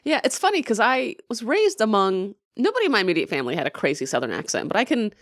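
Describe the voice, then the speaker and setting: A chatty woman who laughs readily speaks in a medium-pitched, sing-song voice. She's a podcast co-host in casual conversation, recorded with clean studio sound and no audible room.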